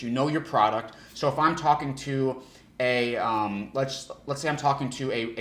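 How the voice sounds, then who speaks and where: Man coaching sales in an echoey room. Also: mid-range voice. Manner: energetic coaching, with frequent restarts and demonstrated tones. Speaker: sales trainer. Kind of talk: instructional talk.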